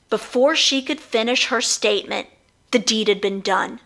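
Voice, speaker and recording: A woman narrating her own children's book as an audiobook, reading expressively. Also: fairly high pitch. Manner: expressive storytelling.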